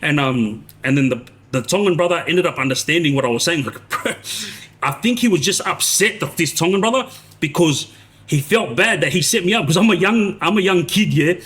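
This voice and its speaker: Recounting prison life at length on a casual live stream, this man in his 40s rambles and restarts his sentences, often adding a tag "yeah?". His voice is fairly high, bright and lively in intonation, and he talks briskly.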